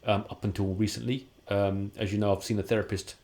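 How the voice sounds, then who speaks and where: A man's voice: on the low side, flat delivery, brisk, darkish tone. A man, a podcast guest telling candid personal stories in a casual way and acting out the dialogue he quotes. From London, England.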